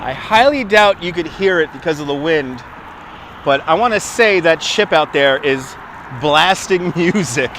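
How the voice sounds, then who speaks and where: A man's voice: on the high side, lively intonation, a little slow, a bit bright, a little hiss or hum. A man with a Brooklyn accent hosting a casual live stream on a city waterfront, chatting, laughing often and thanking donors, recorded on a phone on a gimbal. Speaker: livestream host.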